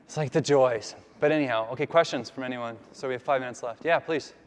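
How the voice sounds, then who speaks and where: A man's voice: mid-range voice, fast talker, clean tone. A man from Canada giving a casual, rambling conference talk with a live demo, full of fillers. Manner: chatty, rambling, filler-heavy. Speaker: conference speaker. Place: large conference hall. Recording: long reverb of a big hall.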